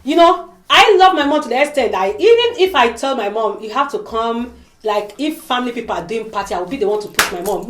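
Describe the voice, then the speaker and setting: A fast-talking woman with a fairly high pitch vlogs casually from an echoey room. Her delivery is emotional and emphatic, and she performs the voices of anyone she quotes.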